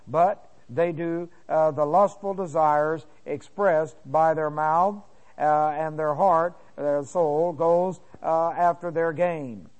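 A man's voice: on the high side, a little mellow, rough recording. A man as pastor teaching a sermon verse by verse, reading scripture aloud and breaking in with comments, with many fillers and restarts.

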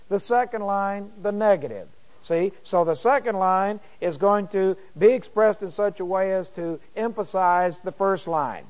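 A middle-aged man teaching a Bible lesson to a class. He reads the verses slowly and deliberately and clears his throat often. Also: high-pitched.

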